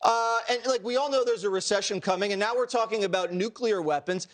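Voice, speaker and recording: A man's voice: sits high, brisk. A man co-hosting a TV panel show, talking in a sarcastic, mocking way. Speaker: panel co-host. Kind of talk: opinionated panel talk. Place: TV studio.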